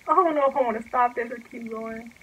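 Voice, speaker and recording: A woman's voice: on the high side, quick pace, a little hiss or hum, rough recording. A young woman telling a casual storytime vlog, rambling and chatty with lots of filler words. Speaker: vlogger.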